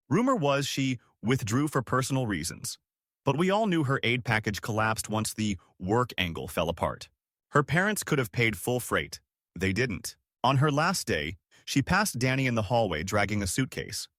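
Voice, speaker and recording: A man narrating scripted stories with a lively, dramatic delivery. His pitch swings widely, rising and falling through each sentence. The recording is close and dry, with no room sound around him. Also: dry recording.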